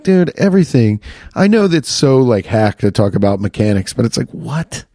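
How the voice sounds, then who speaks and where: A man's voice: medium pitch, dark tone, no room sound. A man ranting in a casual monologue into a close podcast mic, profane and exasperated, with lots of restarts.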